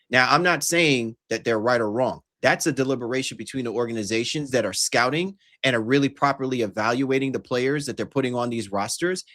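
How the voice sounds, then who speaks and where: A man's voice: medium pitch, fairly bright tone. Man hosting a casual basketball podcast. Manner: emphatic, long run-on arguments. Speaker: podcast host. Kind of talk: casual sports chat.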